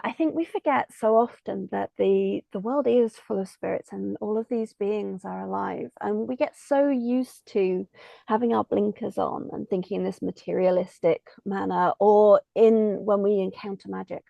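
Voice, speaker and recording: A woman's voice: mid-range voice, moderate pace, creaky, dark tone, no echo, highs cut off. A woman host asking thoughtful, probing questions in a casual interview. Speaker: podcast host.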